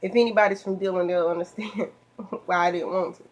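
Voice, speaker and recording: A young woman with a Southern US accent from South Carolina, telling a personal story at home in a chatty, animated way and acting out her own past lines. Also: fairly low pitch, brisk. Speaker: vlogger.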